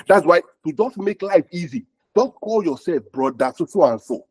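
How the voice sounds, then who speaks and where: Husky male pastor, animated sermon delivery with repeated call-and-response lines. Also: a little high, fairly quick, few pauses. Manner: repetitive call-and-response, asks "are we together?".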